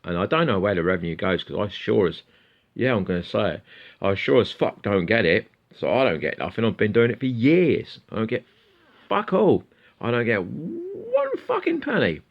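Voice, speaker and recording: A man's voice: lowish voice, lively intonation, brisk, dull audio. A middle-aged man chatting casually to camera as a guitar YouTuber, rambling and swearing freely.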